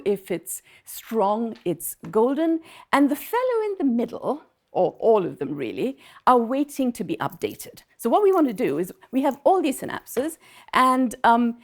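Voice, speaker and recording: Casting note: woman academic speaker, slightly high voice, rambling conversational lecture, often breaks off mid-sentence. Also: a little mellow. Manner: conversational, many fillers and self-interruptions, checks in with "okay?" and "yeah?". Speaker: visiting professor giving a conference talk.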